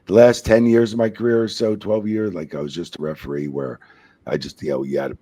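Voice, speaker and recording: A man's voice: sits low, brisk, slightly rough. A middle-aged man, a retired wrestling referee, telling profane backstage stories in casual chat. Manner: profane, animated storyteller acting out quotes.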